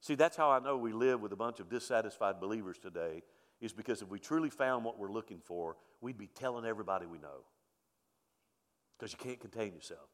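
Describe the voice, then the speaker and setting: Preaching pastor in a reverberant sanctuary. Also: male voice, expressive, a little fast. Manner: preaching with rising emphasis and soft, low storytelling passages. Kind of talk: sermon. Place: church sanctuary. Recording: long reverb of a church sanctuary.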